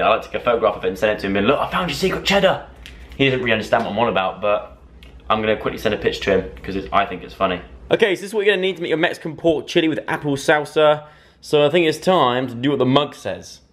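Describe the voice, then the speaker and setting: A young man in his twenties vlogging as he cooks in his home kitchen, talking to the camera in a rambling, self-mocking, excitable way. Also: mid-range voice. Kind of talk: casual chatty cooking vlog. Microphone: camera mic, talking to camera.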